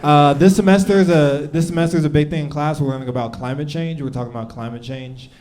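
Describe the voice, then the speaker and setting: A man's voice: fairly high pitch, fairly even intonation, fast talker, darkish tone. Man in his thirties doing stand-up. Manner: loose and conversational, acting out quoted people. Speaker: stand-up comedian. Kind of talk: live stand-up set. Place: comedy club stage with a live audience. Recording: noisy live club recording. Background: audience laughter and room noise.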